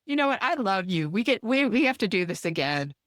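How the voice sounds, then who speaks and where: A woman's voice: medium pitch, sing-song, fairly quick, a bit bright, no echo, clean studio sound. A woman being interviewed as a guest author, talking in an effusive, enthusiastic way with frequent restarts. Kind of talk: casual interview chat.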